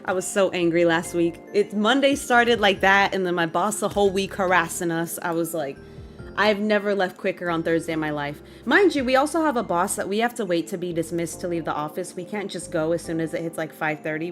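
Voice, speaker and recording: A young adult woman streaming to her chat, telling a story in an exasperated, animated rant and laughing as she vents. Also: lowish voice, fairly quick, soft background music.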